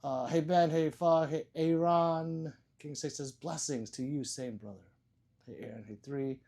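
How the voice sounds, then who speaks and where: A man's voice: on the high side, fairly even intonation, measured pace, mellow. A man hosting a casual livestream, reading viewers' chat messages aloud, joking, laughing and swearing freely. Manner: loose and profane. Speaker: livestream host.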